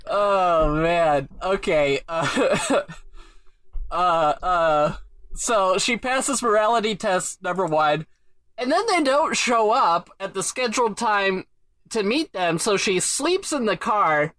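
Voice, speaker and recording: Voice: medium pitch, lively intonation, slow, fairly bright tone, dry recording. A podcast host casually recapping a story, with an amused storytelling manner.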